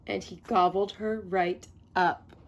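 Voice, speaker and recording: A woman reading a picture book aloud to children, expressive and adding chatty asides as she goes. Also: medium pitch, slow pace. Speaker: read-aloud storyteller.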